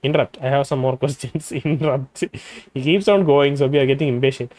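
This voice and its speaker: A man's voice: medium pitch, a little mellow, dry recording. Laughing man reading game text aloud. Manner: reads text aloud in a quick, breezy way, laughs a lot. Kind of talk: let's play commentary, reading text aloud.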